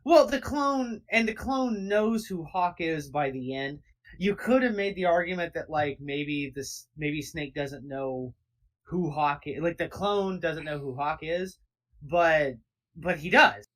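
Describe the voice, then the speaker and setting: A podcast co-host with a bright, forward voice reacts in casual chat. The speech is hesitant, with frequent restarts and quick short replies. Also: mid-range voice.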